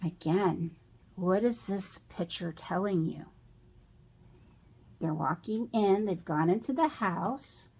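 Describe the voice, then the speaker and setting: A middle-aged woman reading a picture book aloud to children, pausing to ask them questions about the pictures. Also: lowish voice, a little mellow, husky. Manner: slow, asks children questions.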